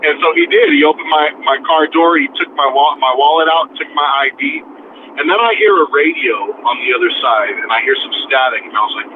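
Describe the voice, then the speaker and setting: A man's voice: fairly high pitch, a little fast. Profane young man telling a story, tinny sound. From near the US-Mexico border. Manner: profane, animated, acts out quoted voices. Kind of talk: casual storytelling chat. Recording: tinny phone-like sound, faint noise.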